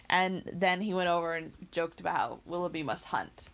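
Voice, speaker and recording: A woman's voice: on the low side, normal speed, few pauses. Woman reading a classic novel. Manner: occasional slips and self-corrections. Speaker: audiobook reader.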